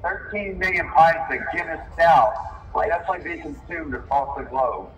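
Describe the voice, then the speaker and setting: A man's voice: a little high, normal speed. A man from Texas hosting a call-in stream, chatting casually and reeling off trivia questions. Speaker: host taking phone calls. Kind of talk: casual chat. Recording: distant mic with faint background noise.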